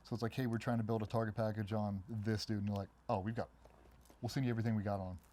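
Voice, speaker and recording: A middle-aged man, a former special operations member, telling stories in a casual interview and acting out other people's voices in a much higher pitch. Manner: fast, animated storytelling, acts out quoted voices much higher. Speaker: guest, former Navy SEAL.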